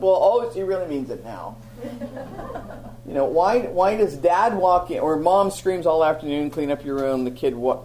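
A woman teaching a Bible lesson to a live audience, telling stories with animated, self-mocking humor. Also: low voice, a little hiss or hum, poor audio.

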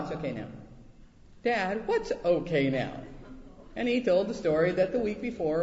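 A man preaching a sermon, telling a personal story and acting out quoted voices with lively pitch jumps. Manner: animated, acts out quotes in high voices. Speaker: pastor. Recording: echoey hall, dull lo-fi sound.

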